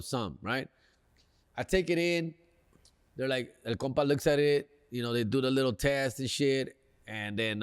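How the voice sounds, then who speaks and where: Casually telling a story, this comedian and podcast host from Los Angeles talks slangy and animated, dropping "fool" and "dog" throughout. He has a medium-pitched voice, recorded with a big-room sound.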